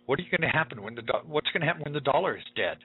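Male talk radio host, husky, on the higher side, preaching with urgent emphasis; dry, phone-band audio. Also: animated, very fast. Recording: tinny phone-like line.

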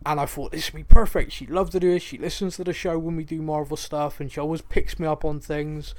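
Quick-paced and a little high-voiced, this Bristolian co-host from Bristol, England, chats casually on a podcast. He's an animated storyteller who laughs a lot as he spins his tale.

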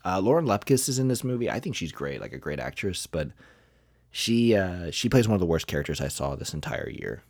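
A man's voice: low voice, sing-song, fairly quick, a little mellow, no room sound, studio quality. A man hosting a podcast, giving blunt, profane, rambling movie reviews with lots of fillers. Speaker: podcast host. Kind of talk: casual movie review ranking.

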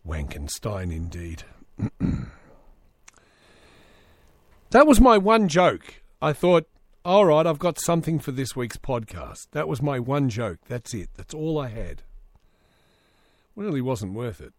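A man's voice: medium pitch, dry recording. A man hosting a solo comedy podcast, reading news aloud with sarcastic asides. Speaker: podcast host.

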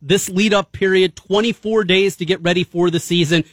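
A man with a nasal, high-pitched voice hosts a sports talk radio show. He trades upbeat, joking banter with his guests in a studio. The sound is close and dry, with no room echo. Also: fairly even intonation, normal speed.

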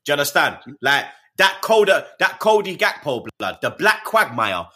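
A man's voice: fairly high pitch, moderate pace. A young man, chatting about football with slang and jokes. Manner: animated, slangy, jokes and does voices. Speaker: football podcast co-host. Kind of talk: casual chat.

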